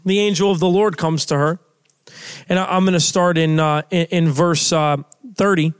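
A man's voice: a little high, steady tone, normal speed, clear, resonant tone. A young man preaching a sermon in a casual, conversational way, full of "like" fillers and restarts as he reads and explains scripture.

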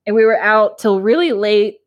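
A young woman in her twenties co-hosting a podcast, telling a story in a casual chat, animated and giggly with lots of "like". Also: medium pitch, moderate pace, dull audio. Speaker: podcast co-host.

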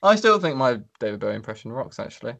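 Sweary, rambling podcast host. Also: male voice, mid-range voice, very animated, quick pace, creaky, fairly bright tone. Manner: sweary, self-mocking, rambling. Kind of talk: casual chat.

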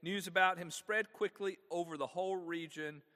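Pastor guy preaching, higher voice, lots of ups and downs, big echoey church. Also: moderate pace. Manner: expressive preaching with rhetorical questions. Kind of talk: sermon. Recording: long echo of a large hall.

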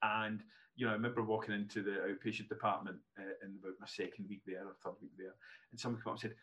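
Man, fifties, lively storytelling, self-deprecating, restarts a lot. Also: fairly low pitch, quick pace. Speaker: guest, neurologist. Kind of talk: casual podcast storytelling.

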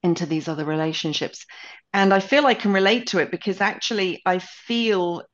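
A woman co-hosting a podcast, speaking thoughtfully and in a measured way, with some hesitant ums. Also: lowish voice. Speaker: podcast co-host. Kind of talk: casual reflective chat. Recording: dull lo-fi podcast audio.

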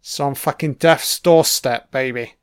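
A man's voice: mid-range voice, unhurried, clean tone. A man giving a casual running commentary on a film. He swears constantly and makes wry, offhand remarks.

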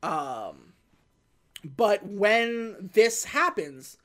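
Animated podcast co-host recapping a film. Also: mid-range voice, drawn-out words. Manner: animated retelling full of fillers and restarts. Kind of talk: casual movie recap chat.

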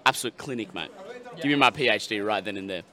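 A man on a live podcast, recounting a match in animated, laughing banter. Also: lowish voice, fast. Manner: animated, laughing, acts out crowd reactions. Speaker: podcast co-host.

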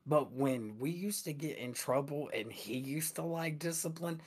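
A young man co-hosting a casual podcast, telling stories in an animated way and swearing a lot. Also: fairly high pitch, moderate pace, husky. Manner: animated storyteller, heavy swearing. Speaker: podcast co-host.

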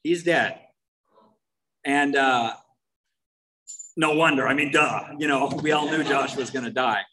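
Man, Californian accent, wry, candid, storytelling, mid-pitched. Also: a little slow, background noise. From United States. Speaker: main speaker at a recovery meeting. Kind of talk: personal recovery talk.

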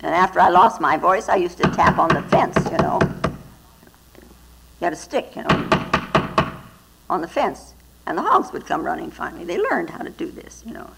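A woman voicing a hoarse old southern male hog farmer who talks in a folksy drawl. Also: on the low side, big pitch swings, normal speed, long pauses, heavy background noise, heavily acted. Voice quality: hoarse near-whisper.

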